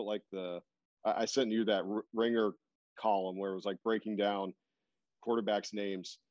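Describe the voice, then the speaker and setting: A man's voice: on the low side, dry recording. A man chatting casually about sports on a podcast, rambling with lots of fillers and restarts. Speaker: podcast guest. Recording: dull, dry lo-fi recording.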